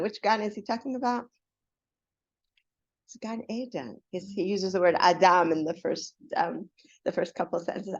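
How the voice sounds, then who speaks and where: A woman's voice: medium pitch, expressive, moderate pace, husky. A woman giving a casual class, talking in a chatty way with many fillers and restarts. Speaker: Torah teacher. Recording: dull lo-fi classroom recording.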